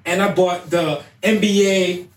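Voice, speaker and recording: A man hosting a casual podcast, telling a story in an animated way and acting out the voices of the people in it. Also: sits high, a little slow. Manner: animated, acts out quoted voices, laughs often. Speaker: podcast host. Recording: echoey room, far from mic, faint hiss.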